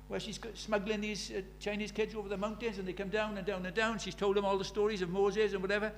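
High-voiced preacher, emphatic. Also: male voice, flat delivery, quick pace, slight background noise. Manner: emphatic, rhetorical questions, storytelling. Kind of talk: sermon.

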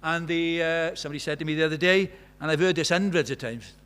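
A man preaching a sermon, conversational and animated, swinging from loud exclamations to quiet, intimate tones. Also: fairly high pitch, fast talker. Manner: conversational, uses quoted dialogue and filler words.

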